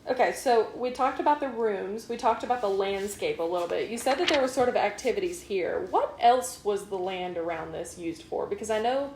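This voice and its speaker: A woman's voice: mid-range voice, animated, a little fast, few pauses, a little mellow, echoey room, a little hiss or hum. A young woman in her twenties interviewing an elder, asking loose questions with lots of fillers and laughter. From North Carolina. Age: 20s. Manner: chatty, laughs often, filler-heavy questions. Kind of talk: oral history interview.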